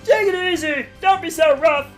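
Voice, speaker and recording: A man putting on a high, squeaky falsetto voice for a game character. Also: moderate pace, a bit bright, faint music behind. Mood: protesting.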